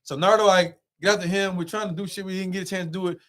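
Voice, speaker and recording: Young guy telling a road trip story, talks quick and high, loud then quiet, swears a lot. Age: young adult. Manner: animated, swearing, quick rambling with loud swings. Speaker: guest. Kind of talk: casual storytelling.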